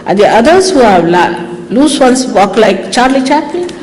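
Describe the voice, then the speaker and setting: Her voice sits on the high side and moves at an ordinary pace as this older Indian-accented spiritual teacher playfully teases her followers in a casual talk. Lively and animated, she performs small back-and-forth exchanges. It's an old archival recording made in an echoey hall, with a faint hiss.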